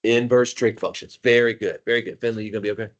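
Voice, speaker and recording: A man teaching math to a class, animated and jokey, calling on students by name. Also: fairly low pitch, quick pace, dull audio. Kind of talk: classroom lecture.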